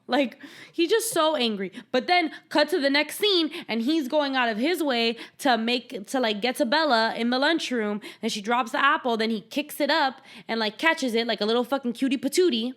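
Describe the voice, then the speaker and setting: Recapping a movie on her podcast, this young host keeps the chat casual, retelling scenes with sarcasm and plenty of swearing. She speaks at normal speed in a fairly bright voice on the high side.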